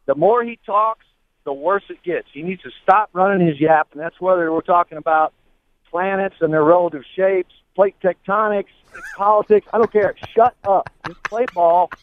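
A man's voice: high-pitched, normal speed, no echo. A man, calling in to a sports radio show, blunt and opinionated. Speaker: caller. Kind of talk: call-in rant on sports radio. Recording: tinny phone line.

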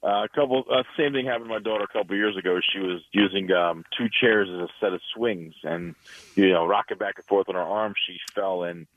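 A male caller with a lowish voice rambles through his story quickly, full of fillers. The sound is thin and phone-like. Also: dry recording. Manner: rambling, fast, lots of fillers. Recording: tinny phone line.

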